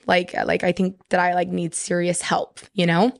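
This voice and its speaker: A woman's voice: lowish voice, completely flat delivery, normal speed, gravelly, dry recording, studio quality. A young woman from Texas, a podcast guest telling a personal story in casual chat, full of "like" fillers.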